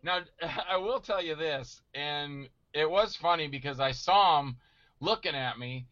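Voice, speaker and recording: A middle-aged man telling stories in casual chat, animated and acting out voices he quotes. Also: a little high, a little slow, no echo, lo-fi sound. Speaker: guest actor telling stories.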